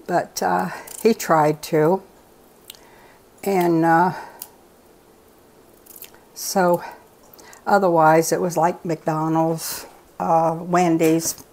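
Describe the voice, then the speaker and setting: Cooking as she talks, this older woman, a regular on the show and the host's mother, spins rambling, folksy tales in a relaxed, chatty manner. She has a fairly low, slightly mellow voice.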